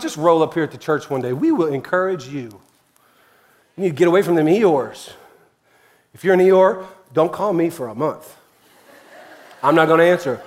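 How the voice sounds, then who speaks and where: A man preaching a lively sermon as a pastor, swinging between shouted encouragement and quiet, folksy asides full of slang. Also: normal speed, long pauses. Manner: fiery, high-energy preaching with big swings in loudness and pitch. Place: church sanctuary, with a keyboard playing behind.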